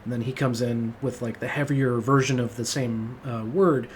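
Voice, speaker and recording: A man's voice: mid-range voice, steady tone, moderate pace, a little hiss or hum. A man hosting a casual music review monologue, rambling and enthusiastic, with lots of fillers and swearing. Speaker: music podcast host.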